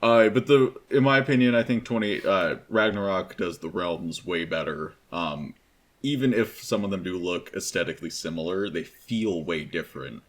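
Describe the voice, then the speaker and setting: Low-voiced young man, hesitant. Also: moderate pace. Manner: hesitant, many fillers, explains at length. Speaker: game discussion panelist. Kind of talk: casual chat.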